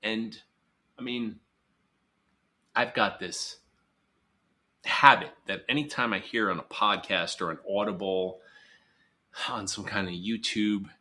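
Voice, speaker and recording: Man, psychologist guest, podcast interview, low-ish voice, bright tone, earnest, emphatic. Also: slow pace, pauses often. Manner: earnest, emphatic, acts out quoted scolding voices.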